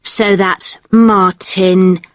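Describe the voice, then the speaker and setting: A woman's voice: mid-range voice, flat delivery, extremely slow, dry recording. A woman playing a polite hotel receptionist in a scripted exam dialogue, using a formal service tone. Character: courteous female hotel receptionist.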